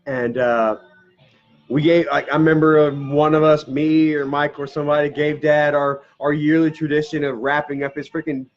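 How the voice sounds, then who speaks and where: A man's voice: a little high, little pitch movement, normal speed, faint music behind. Man close to tears, rambling family story. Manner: rambling, tearful, laughing through tears, swears casually. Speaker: vlogger. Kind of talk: emotional personal storytelling to camera. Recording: dull lo-fi camera audio.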